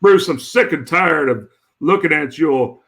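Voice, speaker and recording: A man putting on a gruff Southern man's voice with an exaggerated, cartoonish drawl. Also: on the high side, animated, unhurried, a bit bright, exaggerated voice.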